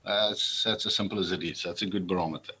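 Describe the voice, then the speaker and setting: A man's voice: low voice, fairly even intonation, quick pace, sharp tone, breathy edge, rough recording. Earnest man giving a speech. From South Africa. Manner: earnest, repeats words when stirred. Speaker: public official addressing an assembly. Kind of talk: formal speech.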